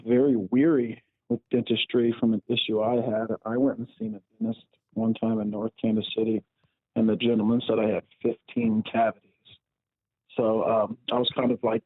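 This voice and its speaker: Male radio caller, mid-pitched, plain and wary, thin phone-line sound. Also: dry recording. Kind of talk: call-in radio chat.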